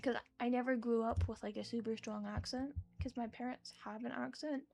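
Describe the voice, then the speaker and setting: American girl rambling on stream, highish voice, bit of music going behind. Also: fairly even intonation, a little fast, darkish tone. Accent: neutral American with some British-sounding words. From United States. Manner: chatty, rambling, swears casually. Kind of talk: casual gaming stream chat.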